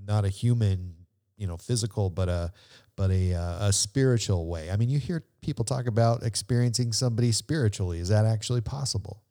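A man with a dark, low voice hosts a casual interview. He asks his questions with curiosity and thinks aloud as he builds them. A long reverb trails behind his words. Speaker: podcast host.

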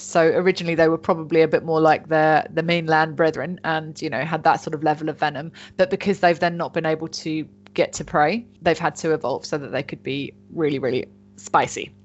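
Chatty woman telling a story. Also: deep voice. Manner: chatty, jokey, swears casually. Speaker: podcast host. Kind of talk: casual chat, telling a story. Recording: dull lo-fi sound.

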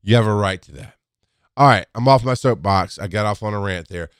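Candid, rambling man with a smooth voice. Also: fairly low pitch, a little fast, no room sound, clean studio sound. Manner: candid, rambling storyteller with frequent restarts. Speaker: paramedic. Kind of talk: casual monologue.

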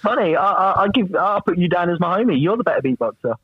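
A man's voice: high voice, lively intonation, fast talker, highs cut off. A man with an English accent hosting a casual quiz game between friends, teasing and laughing often. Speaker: quiz host.

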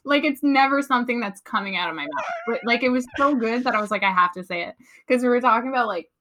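A woman's voice: on the high side, fast, noisy background. A woman co-hosting a podcast in casual chat, telling stories with frequent laughter. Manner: giggly, lively storyteller. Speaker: podcast co-host.

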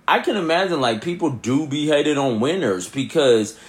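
A young man giving a rambling, casual opinion monologue, rising to near shouts and then dropping to a low mutter. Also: lively intonation, normal speed, faint music behind. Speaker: vlogger.

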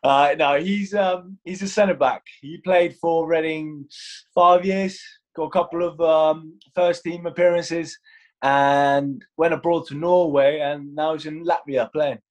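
A man's voice: fairly high pitch, steady tone, unhurried. A young man from Iceland with a London-tinged English accent, a goalkeeper chatting in an interview, laughing and acting out quotes. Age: young adult. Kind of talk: casual interview chat.

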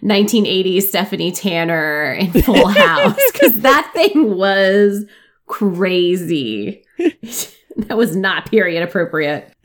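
A woman chats on a podcast with a lively, swinging pitch. She is jokey and informal, riffing with her co-hosts. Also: slow. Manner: animated, laughs often, jokey. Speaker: podcast co-host. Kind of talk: casual chat.

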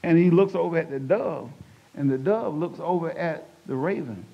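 Male testimony preacher, slightly high voice, lively storyteller who acts out the voices, dull lo-fi recording. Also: normal speed, vocal fry, breathy edge. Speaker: church speaker giving testimony.

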